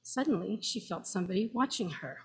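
A woman reading a story aloud in slow, measured narration. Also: medium pitch, lively intonation, slightly rough.

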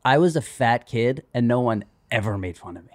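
A man's voice: mid-range voice, animated, a little fast, no echo. A man talks as a podcast guest in loose, rambling chat, full of fillers and acted-out quotes. His voice sits in a middle register. The sound is dry and close-miked. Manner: rambling, frequent "like", acts out quotes. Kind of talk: casual chat.

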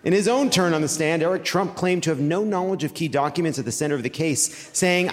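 A man's voice: a little high, brisk, few pauses. Man doing live comedy in a reverberant hall. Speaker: comedy podcast host. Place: theater stage before a live audience. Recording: live hall recording with reverb and faint noise.

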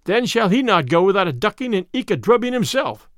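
A man's voice: sits high, big pitch swings, brisk, no room sound, studio quality. A man voicing an eager, brash outlaw follower who speaks urgently in a storybook reading. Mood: rallying.

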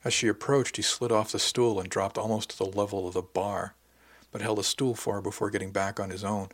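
A man reading a novel aloud in the first person, his voice sitting on the low side. The telling is dry and wry, steady and unhurried. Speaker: audiobook narrator.

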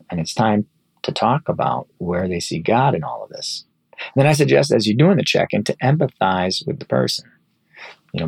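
A pastor in his thirties speaks in an earnest, encouraging teaching tone. His voice is gravelly and slightly husky, sitting at an average pitch, and the recording is dry and close. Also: darkish tone, no echo, low-quality recording. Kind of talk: ministry teaching talk.

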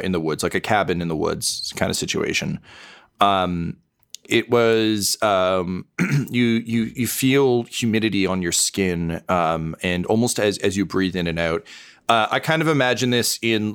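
A man's voice: lowish voice, fairly bright tone, clean tone. A man as game master, improvising narration with many fillers and restarts. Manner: rambling, many fillers, chuckling.

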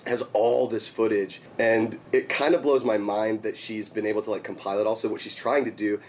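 Man in his 30s, rapid casual chatter, lowish voice, laughs easily. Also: slight background noise. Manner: laughs often, animated, swears casually. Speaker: musician guest. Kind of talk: casual chat. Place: dressing room.

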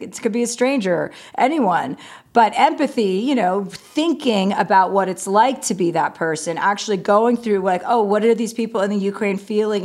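A woman comedian chats openly as an interview guest, at a middle pitch for a woman. She tells her stories frankly and drops into the voices of people she quotes. Her talk is loose and full of fillers like "you know". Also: a little mellow. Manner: candid storytelling, acts out quoted conversations. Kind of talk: casual interview chat.

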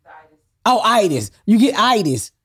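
A woman with a Southern US accent, a guest comedian talking loudly and animatedly in casual podcast chat, cussing freely. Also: mid-range voice, very animated, normal speed, slightly rough, no echo, studio quality.

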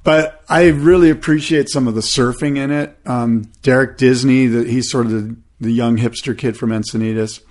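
A man's voice: medium pitch, steady tone, normal speed, few pauses, a little mellow. A man co-hosting a surf podcast, telling stories in a laid-back, rambling way full of fillers. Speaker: podcast co-host. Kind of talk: casual surf chat.

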